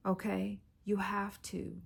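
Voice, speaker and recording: A woman's voice: medium pitch, completely flat delivery, slow, vocal fry, husky. A middle-aged woman, a life coach, giving an encouraging, conversational tarot reading that turns slightly preachy. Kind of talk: direct-to-camera tarot reading.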